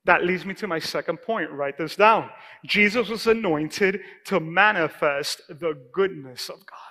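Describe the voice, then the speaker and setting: High, bright-voiced preaching man. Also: unhurried, long reverb tail. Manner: emphatic preaching, calls for congregation response. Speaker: pastor. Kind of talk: sermon. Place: church sanctuary.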